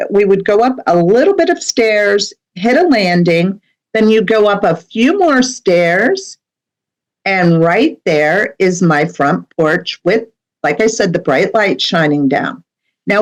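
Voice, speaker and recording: A woman's voice: medium pitch, poor audio. A middle-aged woman, a medium, telling a personal story as a podcast guest in a chatty way, with many fillers and asides.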